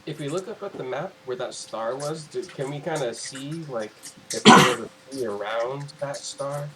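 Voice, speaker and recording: A man playing in a tabletop game, talking casually and haltingly with restarts. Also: medium pitch, a crowd in the background. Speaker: player. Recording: noisy background.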